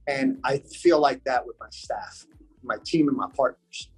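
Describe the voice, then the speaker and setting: A man's voice: medium pitch, expressive, unhurried, husky, soft background music, poor audio. A man from the United States, a podcast guest talking in a casual interview, earnest and repeating his points for emphasis.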